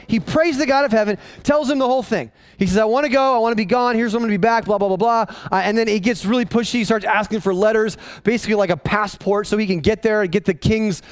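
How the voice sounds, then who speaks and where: Man, pastor, lively sermon, high voice, dry close sound, restarts phrases. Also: dry recording. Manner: animated, acting out voices of people in the story; restarts and repeats phrases when excited.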